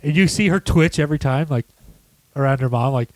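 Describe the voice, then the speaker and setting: A man co-hosting a podcast, chatting casually about a movie, animated and swearing, acting out quotes. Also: mid-range voice, brisk, no room sound. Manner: animated, acts out quotes in shrieking voices, swears. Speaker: podcast co-host. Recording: dry close-miked home studio.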